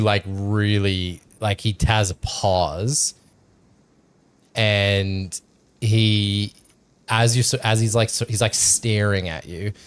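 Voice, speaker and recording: Brief: low-voiced man running a tabletop game, slow and hesitant delivery. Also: smooth. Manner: halting, filler-heavy, laughing. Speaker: game master.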